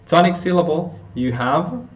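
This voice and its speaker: A man teaching an intonation lesson, working through example sentences slowly, often restarting and correcting himself. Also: on the high side, sing-song, lo-fi sound. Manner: slow, halting, with frequent restarts and self-corrections. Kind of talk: phonetics lesson explanation.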